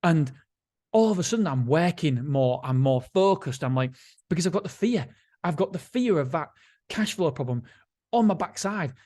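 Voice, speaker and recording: A man with a somewhat high-pitched speaking voice hosts a casual motivational podcast. He talks bluntly and swears freely. He circles back on his own points and restarts sentences as he goes. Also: darkish tone. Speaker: podcast host.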